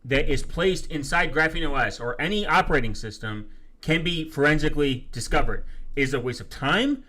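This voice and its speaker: Bright-voiced ranting male streamer. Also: a little high, sing-song. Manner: profane, quick to flare up angrily; reads viewer comments aloud then rebuts them. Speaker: live streamer answering chat. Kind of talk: casual livestream rant.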